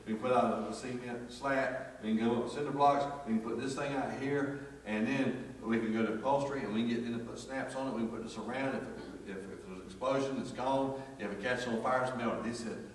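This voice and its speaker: A man's voice: medium pitch, slight background noise. Folksy man preaching in an echoey hall. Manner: folksy, animated storytelling with acted quotes. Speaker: pastor. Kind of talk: storytelling sermon. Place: church sanctuary. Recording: echoey church hall from far off.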